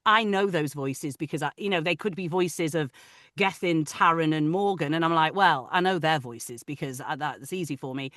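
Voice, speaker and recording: A woman audiobook narrator talks shop in a lively, chatty way, often restarting her sentences. Her tone is bright and forceful. The sound is dry and close, with no room echo. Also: low voice, normal speed. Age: adult, parent of older children. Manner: animated, talkative, many restarts. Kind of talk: casual interview chat.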